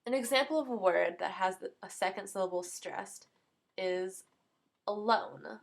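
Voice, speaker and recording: A woman's voice: medium pitch, normal speed, vocal fry. A young woman giving a plain educational explainer, working through a list of terms and giving an example for each.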